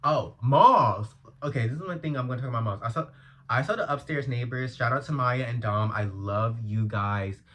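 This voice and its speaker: A man from Los Angeles hosts a casual solo podcast, rambling in a chatty, slang-heavy way. He breaks into loud, exasperated outbursts when something annoys him, and he speaks into an earphone mic. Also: medium pitch, moderate pace. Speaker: podcast host.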